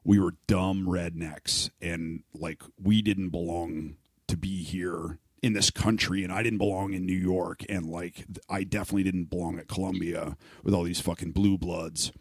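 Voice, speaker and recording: Gravelly low-voiced man, profane and rambling. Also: fairly even intonation, moderate pace, no echo, studio quality. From Saskatchewan, Canada. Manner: profane, rambling, many restarts. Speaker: podcast host, musician. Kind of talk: casual candid conversation.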